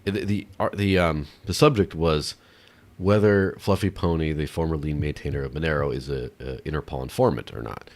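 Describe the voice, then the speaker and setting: Deep-voiced male podcast co-host, blunt and irreverent, casual and a bit exasperated. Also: a little fast, a little mellow. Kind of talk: casual chat.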